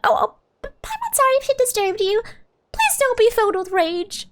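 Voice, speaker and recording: Paimon, a woman doing a squeaky little companion. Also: sing-song, normal speed, fairly bright tone, slight background noise, full character voice. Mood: indignant. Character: Paimon, tiny floating girl companion, chirpy and indignant.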